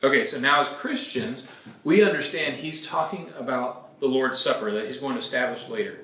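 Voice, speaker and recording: Bright-voiced pastor teaching in an echoey room. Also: male voice, mid-range voice, normal speed. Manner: casual, explanatory, checks in with "okay?". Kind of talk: conversational Bible teaching.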